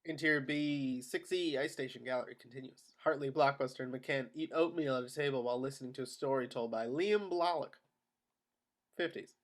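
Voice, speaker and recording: A man narrating the stage directions of a screenplay at a table read in a steady, matter-of-fact way. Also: medium pitch, brisk. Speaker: narrator of action lines.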